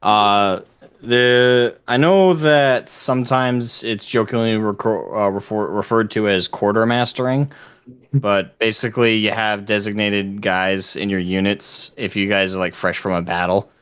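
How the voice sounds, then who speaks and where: A man's voice: lowish voice, fairly even intonation, unhurried, a bit bright, clear, resonant tone. A man chatting casually in a group discussion, explaining things plainly with a few fillers.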